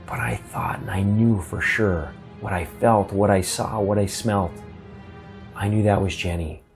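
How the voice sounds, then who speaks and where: A man telling a first-person ghost story in a halting, earnest way, often repeating words as he gets emotional. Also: low-pitched, faint music behind.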